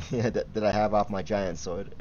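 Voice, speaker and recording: A man's voice: fairly low pitch, a little slow, highs cut off, slight background noise. A young man giving casual, giggly commentary while livestreaming a game and chatting with viewers. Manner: giggly, easily excited, chatty with chat. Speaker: gaming livestreamer.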